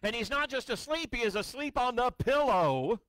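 High, lively-voiced man preaching. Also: moderate pace, no echo. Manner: dramatic scripture reading, swings between booming and hushed; storytelling with wry asides. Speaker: pastor. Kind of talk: sermon. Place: church sanctuary.

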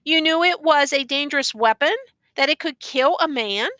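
Grave, probing judge, read by a woman; stern measured questions, bright high delivery. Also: dry recording.

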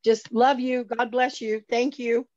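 A woman's voice: a little high, flat delivery, a little slow, a little mellow, no room sound, lo-fi sound. A woman from North Carolina with a Southern accent, calling in to give heartfelt thanks. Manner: gushing and heartfelt. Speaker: caller. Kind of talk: call-in thanks.

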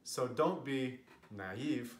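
A man's voice: mid-range voice, very slow, reverberant. A man teaching pronunciation in a casual explainer video, opinionated and stressing his example words.

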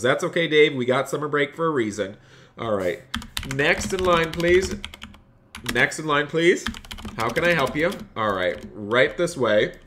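A man's voice: mid-range voice, noisy background. Male streamer, upbeat clerk patter in a game role-play, repeats his lines, faint typing behind. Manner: reads and thanks chat between lines. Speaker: streamer playing a phone store clerk.

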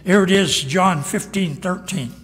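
A man's voice: sits high, measured pace, a bit bright, in a large hall. A man preaching a sermon as pastor, emphatic and acting out quoted lines. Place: church sanctuary.

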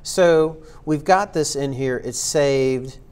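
Speaking slowly in a smooth, darkish voice that sits on the high side, a man teaches through a casual screen recording. His instruction is rambling and full of ums and likes, punctuated by self-aware, joking remarks.

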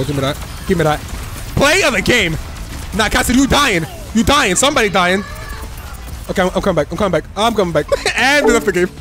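A young man giving excitable, trash-talking commentary while playing a shooter game, repeating himself as he plays. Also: high voice. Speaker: gaming streamer. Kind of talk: live gameplay commentary.

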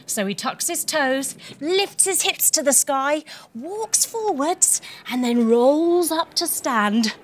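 A woman leading a children's yoga lesson as a story, lively and encouraging as she guides each move. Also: high-pitched, slow pace, a little hiss or hum. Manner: lively and encouraging, guiding moves step by step.

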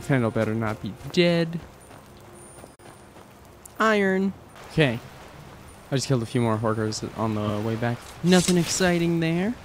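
A man gives jokey let's-play commentary over his game, his voice rising and falling a lot as he reacts. Game music plays clearly under his talk, and he chats back at the characters on screen. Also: mid-range voice, a little mellow. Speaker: gamer playing through a game.

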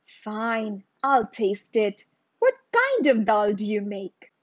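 A haughty rich nobleman, bored and quick to anger, in a dry, muffled storybook reading where a woman acts him out. His voice climbs well above her own and drags along slowly. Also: medium pitch, sing-song, no echo.

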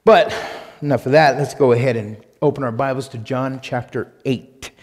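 A male pastor preaching a sermon and reading scripture aloud, emphatic, swinging between loud punched lines and quiet asides. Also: mid-range voice, steady tone, normal speed, in a large hall. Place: church sanctuary.

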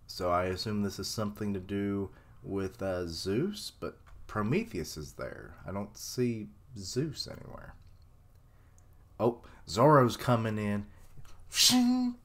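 A man with a low voice giving casual live commentary. He talks at a slow, easy pace. His reactions are excitable and he swears freely.

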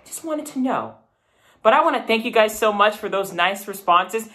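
Lively, light-voiced young man vlogging. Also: high-pitched, normal speed. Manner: animated, chatty and self-deprecating. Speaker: YouTuber. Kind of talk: casual vlog to camera.

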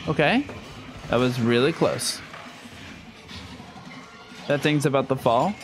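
A young male streamer plays a horror game live, commenting as he goes, swearing often and bursting out in sudden reactions. His voice is mid-range and slow, with music playing in the background.

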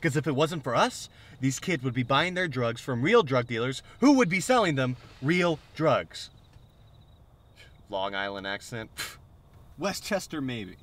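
A man's voice: mid-range voice, sing-song, a little slow, a bit bright. A young man playing a sarcastic, incredulous sidekick in a comedy sketch.

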